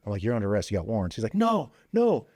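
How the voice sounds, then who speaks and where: A former police officer and veteran, guesting on a podcast, rattles off a casual story at a rapid-fire pace in a lowish, dark voice with a steady tone. He talks loosely with plenty of "you know" and "like," and his voice leaps when he acts out quoted dialogue. It's a dry, studio-quality recording.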